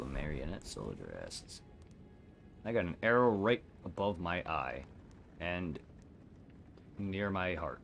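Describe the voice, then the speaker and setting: Tired, monotone man with a very low voice. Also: takes it slowly, vocal fry, long pauses, over music. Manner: self-deprecating, apologetic. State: tired, sore throat. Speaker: game streamer. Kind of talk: casual live gameplay commentary.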